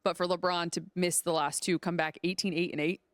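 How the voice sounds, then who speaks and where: A woman's voice: lowish voice, fairly even intonation, brisk, no echo, clean studio sound. A woman hosting a sports podcast, telling stories in casual, upbeat chat. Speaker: podcast host.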